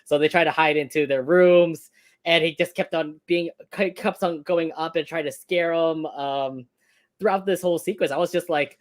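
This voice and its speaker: A co-host with a middle-pitched voice recaps cartoon scenes in loose, rambling sentences. The speaker trails off with fillers and turns to the other host with questions. The tone is relaxed, ordinary fan chat. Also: moderate pace. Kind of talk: casual episode review chat.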